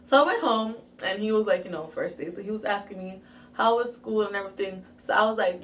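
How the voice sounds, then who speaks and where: A young woman from Jamaica telling a casual story-time vlog, animated and full of playful asides. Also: medium pitch, brisk, far from the mic. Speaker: vlogger.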